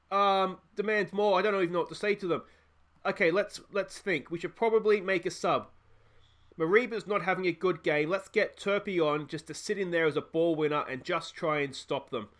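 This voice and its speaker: With a high-pitched voice and an Australian accent, this gaming YouTuber gets worked up during his let's play, agonizing over tactics out loud and shouting at every goal.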